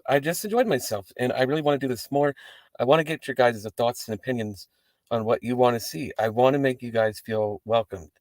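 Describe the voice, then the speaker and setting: A man's voice: medium pitch, no echo. A man hosting a wrestling post-show, talking casually and profanely to the camera from inside his parked car. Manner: rambling, profane, animated asides.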